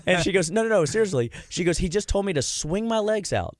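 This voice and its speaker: A man's voice: sits high, lively intonation, fast talker, dry recording, studio quality. A middle-aged man hosting a casual radio health talk, a chatty storyteller who acts out what his patients said. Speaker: health practitioner and show host.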